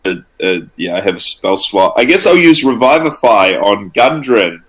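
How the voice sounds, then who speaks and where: A man's voice: fairly low pitch, sing-song, moderate pace, a bit bright, rough recording. A man playing a tabletop game with friends, laid-back and joking. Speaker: player. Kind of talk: casual game chat.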